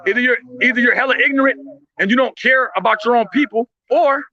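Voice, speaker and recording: Fired-up fast-talking high-voiced man, blunt and profane. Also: pushed and bright, highs cut off. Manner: impassioned, blunt, profane, stammering restarts. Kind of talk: heated street commentary.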